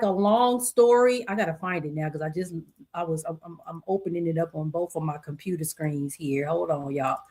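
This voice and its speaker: Middle-aged woman, casual solo podcast host, lively and quick to laugh. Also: on the low side. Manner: animated, laughs often, reads stories aloud with voices. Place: home desk with two computer screens.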